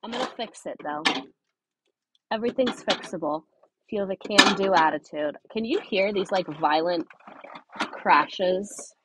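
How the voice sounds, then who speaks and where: A woman's voice: medium pitch, measured pace, pauses often, very noisy. A young woman streaming a casual history lesson from home, chatty and profane, going off on tangents and talking into wireless earbuds.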